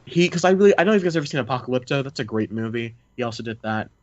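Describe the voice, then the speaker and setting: A man's voice: mid-range voice, animated, very fast, dry recording. A man hosting a podcast, talking about movies in an enthusiastic, rambling way. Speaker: podcast host. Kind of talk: casual movie review chat. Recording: dry, dull lo-fi recording.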